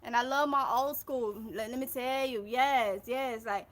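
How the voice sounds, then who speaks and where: Gardening livestream host, woman in her 30s, Mississippi drawl, high and bright, chatty, talks to y'all. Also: unhurried. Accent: Mississippi Southern US. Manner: chatty and effusive, addresses viewers as y'all. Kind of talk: casual livestream chat, reading viewer comments aloud.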